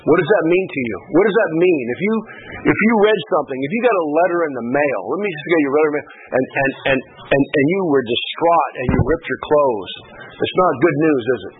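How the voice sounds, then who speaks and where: A man's voice: a little high, expressive, fast. A man preaching a sermon in an impassioned, repetitive way with frequent restarts. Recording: phone-like band with faint noise.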